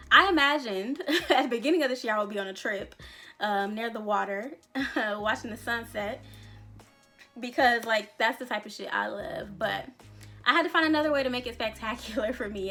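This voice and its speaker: A woman in her thirties vlogging in a casual, reflective way, candid and rambling, with frequent laughs and casual swearing. Her voice is bright and sits a little high. Faint music plays underneath. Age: 30s. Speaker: vlogger, songwriter. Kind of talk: casual reflective chat to camera.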